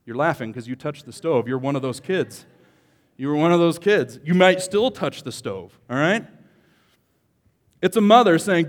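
A man preaching a sermon as a pastor, joking with the congregation and swinging between quiet asides and loud emphatic lines. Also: a little high, expressive, moderate pace, in a large hall. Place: church hall.

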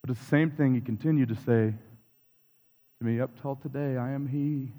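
Male pastor, sermon, mid-pitched, echoey sanctuary, introspective, repeats lines for emphasis. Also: fairly even intonation, normal speed, warm tone. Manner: reflective, confessional, builds through repeated phrases. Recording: long reverb of a large hall.

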